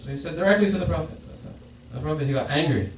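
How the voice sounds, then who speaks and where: A man's voice: on the high side, expressive, very fast. A man giving a Friday sermon in a mosque, explaining a hadith and often repeating and restarting his phrases. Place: mosque prayer hall. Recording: echoey hall, distant mic, faint noise.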